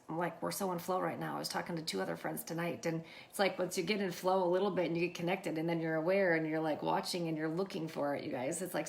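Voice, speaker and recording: A woman with a low, gravelly voice chats straight to her livestream viewers. She tells a story in a loose, lively way and acts out each exchange as she goes. There is a faint hum of noise behind her. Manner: animated, acts out quoted dialogue, keeps addressing viewers. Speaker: livestream host.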